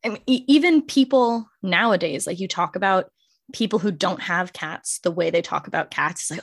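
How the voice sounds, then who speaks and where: A woman in her forties co-hosting a podcast, chatting casually in an animated way, laughing often and swearing freely. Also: medium pitch, moderate pace. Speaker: podcast co-host. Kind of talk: casual chat.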